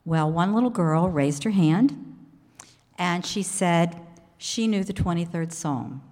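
A woman pastor preaching a sermon in a church sanctuary, telling stories in a measured way with pauses. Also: fairly low pitch, a little mellow. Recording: echoey hall reverb.

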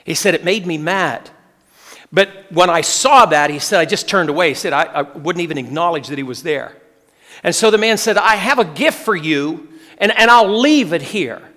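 A man's voice: a little high, expressive, normal speed, a bit bright. A man preaching, telling a story in earnest, repeating key phrases and quoting the people in it. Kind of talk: sermon storytelling. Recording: long reverb of a large hall.

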